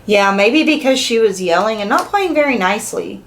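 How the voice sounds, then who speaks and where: A woman with a mid-range voice, speaking at normal speed, reads a picture book aloud for young children. She's animated and regularly turns to her young audience with questions.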